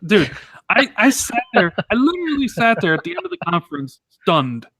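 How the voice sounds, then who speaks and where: A man co-hosting a casual gaming podcast, talking in an animated, exasperated, ranting way. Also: high-pitched, a little fast, dry recording. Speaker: podcast co-host.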